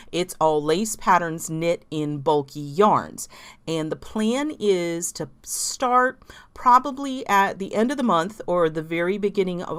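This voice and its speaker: A woman with a lowish voice and a soft Southern drawl chats about her knitting. She rambles, restarts her sentences and laughs lightly as she goes. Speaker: knitting vlogger and designer. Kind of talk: casual chat.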